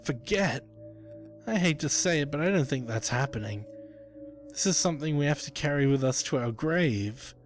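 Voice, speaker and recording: A man's voice: fairly high pitch, animated, moderate pace, faint music behind, pitched above the performer's own voice, lightly acted. Man doing a stammering, unhinged young guy. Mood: anxious. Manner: stammering, pleading. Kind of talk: creepypasta narration.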